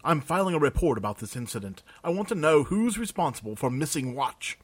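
A man's voice: a little high, big pitch swings, fairly quick, slightly rough, pitched above the performer's own voice. A man voicing a fussy, self-important male bureaucrat who complains indignantly in a raised, strained voice. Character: fussy pompous male bureaucrat, middle-aged.

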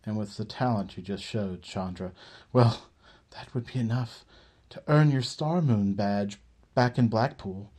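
Streetwise woman, read by a male narrator: blunt, coaxing, unhurried storybook voice. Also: lowish voice, warm tone. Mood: reassuring. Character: tough streetwise woman, blunt but caring.

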